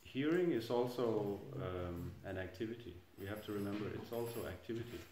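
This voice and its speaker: A man's voice: fairly low pitch, lively intonation, fairly quick, warm tone, slight background noise. A middle-aged man giving an informal scripture class in a temple hall, speaking hesitantly and chuckling at his own jokes. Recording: echoey room.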